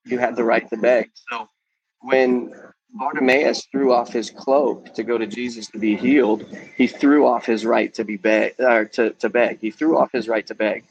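A man's voice: medium pitch, steady tone, normal speed, lo-fi sound, a crowd in the background. A man in his forties, a youth ministry guest, candidly sharing his personal testimony in a podcast interview. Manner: earnest, candid, peppered with "um" and "man".

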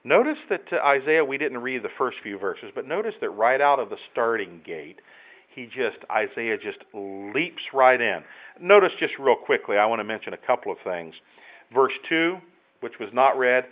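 A man preaching a sermon in an earnest, emphatic way, rising often to loud exclamations. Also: medium pitch, animated, moderate pace, dull audio. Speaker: pastor.

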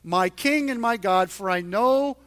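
A male pastor delivers a sermon in church with a strikingly high voice. He talks earnestly and emphatically, pushing louder whenever he drives a point home. It comes across as heartfelt preaching to a gathered congregation. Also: animated, measured pace.

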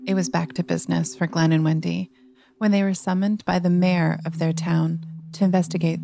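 A woman hosting a podcast, giving measured, matter-of-fact scripted narration. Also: fairly low pitch, flat delivery, vocal fry.

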